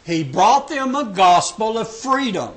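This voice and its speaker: Very animated but unhurried, a high-pitched older man in his 60s guides a Sabbath school class through Bible study, posing questions with humour and emphasis.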